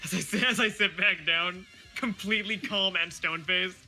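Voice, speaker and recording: Bright, high-voiced exasperated man. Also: fairly even intonation, normal speed, faint music behind. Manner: exasperated, profane, insistent. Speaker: player. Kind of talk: in-character tabletop play.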